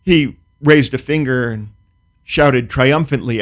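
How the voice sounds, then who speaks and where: A man's voice: mid-range voice, measured pace. A man, a comedian guest, telling a comic story in a dry, precise, wry way, then chatting casually about his work. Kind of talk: casual talk-show chat.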